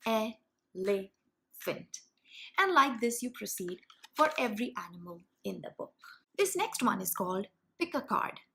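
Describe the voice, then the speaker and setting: A young woman teaching early reading skills to parents and teachers. Her voice sits a little high and moves a lot in pitch. She explains clearly and stretches out the example words. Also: fairly bright tone. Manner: clear, carefully paced explanation with drawn-out demonstration words. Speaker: teacher and channel host. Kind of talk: instructional video for parents and teachers.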